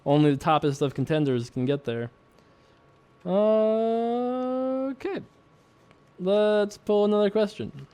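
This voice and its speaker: A man's voice: sits high, expressive, slow pace, pauses often, mellow, clean tone. A young man hosting a poker video, chatting casually, laughing often and talking through his hands.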